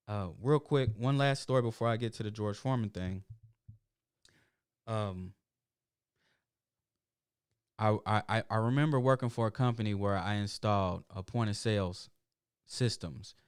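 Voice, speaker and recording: A man's voice: mid-range voice, smooth, no echo, clean studio sound. A middle-aged man, hosting his show in a casual, rambling monologue full of emphatic asides. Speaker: show host.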